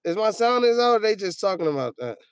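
A livestream host reads viewer comments aloud in a loose, joking, profane manner, often trailing off into a mumble. His voice sits high, very animated, fast and smooth. The studio sound is clean, with no echo.

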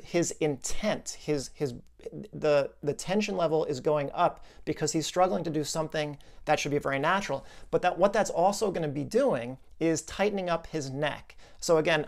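Man explaining a client case, chatty. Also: a little high. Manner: conversational, thinks aloud with restarts and asides. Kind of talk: explanatory video lesson.

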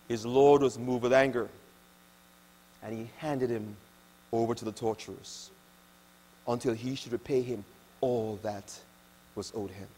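Male pastor, high and lively delivery, dynamic sermon style with a long church-hall reverb. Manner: dynamic preaching, swings from quiet asides to loud emphatic quotes.

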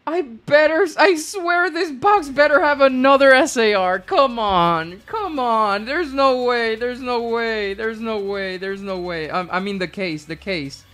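A woman hosting a live card-opening stream, excitable and repeating hype phrases in bursts. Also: medium pitch, measured pace, few pauses.

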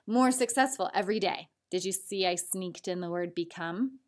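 A woman teacher giving a recorded spelling lesson to children, patiently sounding out words slowly so they can clap along. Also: fairly low pitch.

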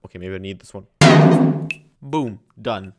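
A man's voice: deep voice, a little slow, over loud music. A man giving jokey, self-mocking commentary while playing a video game. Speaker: gaming YouTuber. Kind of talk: let's-play commentary.

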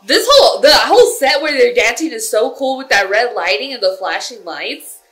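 A young woman chatting casually and excitedly as she reacts to a music video, full of "like" and "yo". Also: a little high, moderate pace. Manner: expressive, animated, lots of "like" and "yo". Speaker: K-pop reaction vlogger.

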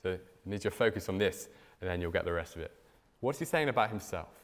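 Male pastor, mid pitch, animated sermon delivery, reverberant church hall. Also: quick pace. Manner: animated storytelling with strong swings in pitch and loudness.

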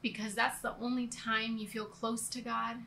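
A woman's voice: a little high, level tone, normal speed, vocal fry, pushed and bright, slight background noise. A woman giving a casual, earnest church talk, rambling with restarts and laughing at herself now and then. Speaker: church co-leader. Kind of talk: conversational church teaching.

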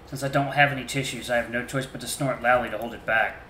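A man's voice: mid-range voice, steady tone, quick pace, sharp tone, a little hiss or hum. A man reading a story game aloud in first person, earnest and emotional, now and then restarting a phrase. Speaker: game streamer. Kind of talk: reading a visual novel aloud. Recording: roomy echo.

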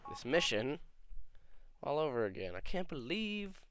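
A man's voice: a little high, very animated, measured pace, a bit bright. A man giving casual gameplay commentary, swearing often and grumbling in frustration. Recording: game audio noise behind.

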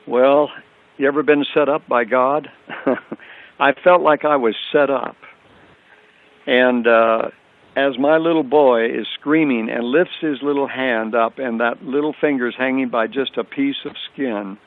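An older man tells a personal faith story as a radio guest, earnest and repeating phrases for emphasis. His voice sits at an ordinary pitch for a man. It comes through a thin, tinny phone line. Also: steady tone, measured pace.

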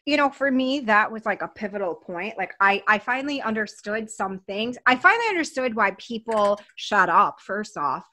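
A woman's voice: medium pitch, expressive, normal speed, few pauses, pushed and bright. A woman telling a story in casual talk, blunt and swearing freely, acting out what people said. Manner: blunt, swears freely, acts out quoted dialogue. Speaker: interview guest.

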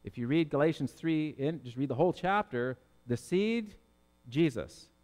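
A male pastor giving an expository sermon, reading scripture slowly and explaining it in a conversational way. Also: a little high, lively intonation, in a large hall. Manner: conversational, gently self-correcting, reads verses slowly.

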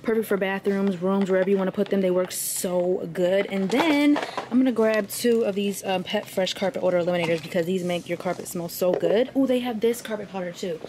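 A young woman vlogging in a chatty, sassy way, getting animated as she tells stories. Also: mid-range voice, fairly quick. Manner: chatty, sassy, animated when quoting people. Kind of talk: casual storytelling vlog. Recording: echoey room with faint background hiss.

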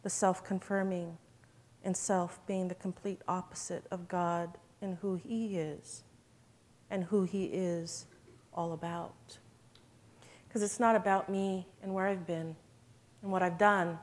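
A woman's voice: fairly low pitch, steady tone, slow pace. Woman giving an earnest church testimony. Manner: earnest, emotional, addresses listeners as brothers and sisters. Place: event hall.

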